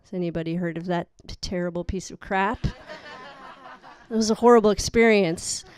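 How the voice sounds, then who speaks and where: A woman's voice: lowish voice, normal speed, darkish tone. A young woman doing a rambling, exasperated, self-mocking stand-up set. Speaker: stand-up comic. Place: live studio audience.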